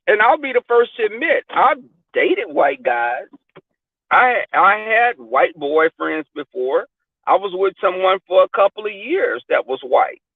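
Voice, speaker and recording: High-voiced blunt man on a tinny line. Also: unhurried, dry recording. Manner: blunt, profane, animated storyteller. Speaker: podcast host. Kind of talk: candid casual chat. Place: car. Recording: dry tinny phone-like sound.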